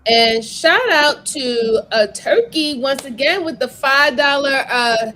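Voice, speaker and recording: A woman's voice: high voice, animated, slow pace, sharp tone, slight background noise. A woman hosting a casual livestream, chatting about a case and thanking viewers. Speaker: livestream host.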